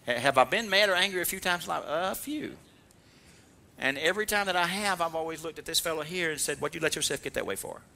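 A man preaching in a bright, forceful voice that sits a little high for a man. He pulls call-and-response from his congregation and swings from loud exhortation down to quiet, murmured asides. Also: quick pace, gravelly. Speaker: pastor. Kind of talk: sermon.

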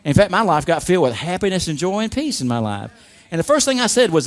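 A man's voice: sits high, big pitch swings, quick pace. A man preaching a sermon, leading the congregation in call-and-response with emphatic, rising delivery. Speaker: pastor.

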